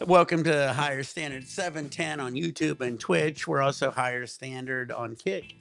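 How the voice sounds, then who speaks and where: A man's voice: mid-range voice, moderate pace, creaky, fairly bright tone, faint music behind. A man hosting a livestream, ranting in an exasperated, profane way. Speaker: livestream host.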